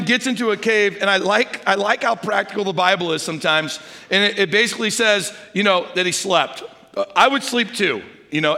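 An older man preaches with a high, bright voice that has a gravelly edge. He tells homely stories and sinks to a hush for quoted whispers. The sound rings in a large hall with a long reverb. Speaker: pastor. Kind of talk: sermon.

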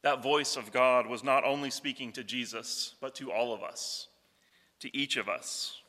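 A man with a bright, forceful tone delivers a reflective sermon at a measured pace. His voice rings out with a long reverb, as if recorded in a large hall. Quoted scripture comes slower and softer. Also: mid-range voice, fairly even intonation. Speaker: pastor.

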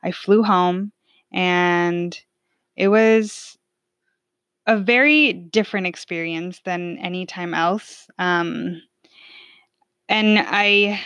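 A woman's voice: lowish voice, very slow, long pauses, a bit bright, smooth, no room sound. Chatty young woman telling a story. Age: 20s. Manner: chatty, many fillers like "like" and "um". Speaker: podcast host telling a personal story. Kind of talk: casual personal storytelling.

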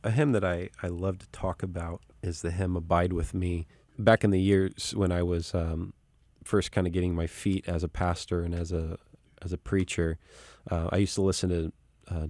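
A man with a very low voice talks as an interview guest, earnest and reflective, often restarting his sentences. The sound is dry and close, with no room around it. He reads as a pastor and musician. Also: little pitch movement, normal speed, a little mellow, no echo. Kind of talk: conversational interview.

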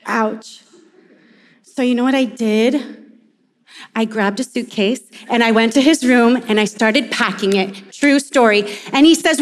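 A woman preaching a sermon, telling stories in an animated way and acting out the quotes. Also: sits high, measured pace. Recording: long reverb of a large hall.

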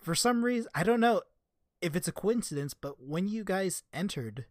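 Woman, game master, streamed tabletop game, animated, laughs a lot, dry close sound. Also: on the low side, normal speed, dry recording. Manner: animated, laughs often, playful character voices.

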